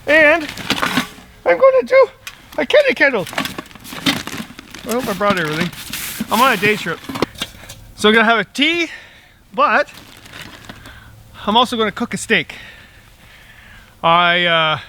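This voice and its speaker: A man's voice: sits high, very animated, takes it slowly, long pauses, background noise. A middle-aged man chatting casually outdoors in the woods as he makes tea over a small stove, chuckling often between rambling asides. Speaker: outdoor vlogger. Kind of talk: casual chat while camp cooking.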